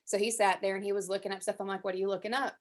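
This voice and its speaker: Woman on a headset mic telling stories in a class, lots of "like", voices the quotes, medium pitch. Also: flat delivery, very fast. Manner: chatty, many fillers, acts out quotes. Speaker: class participant. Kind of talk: casual sharing in a group class.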